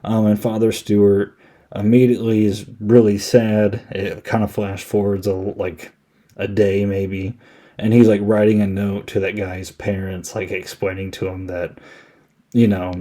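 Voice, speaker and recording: A man's voice: fairly low pitch, mellow. A man hosting a podcast, recapping a movie in a casual, rambling way, full of "like" and "um". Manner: rambling, filler-heavy, laid-back. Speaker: podcast host.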